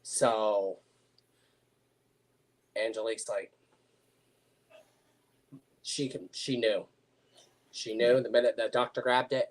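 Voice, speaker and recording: A man in his forties telling personal stories in casual conversation, hesitant and full of fillers. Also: mid-range voice. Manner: slow, hesitant storytelling with many fillers.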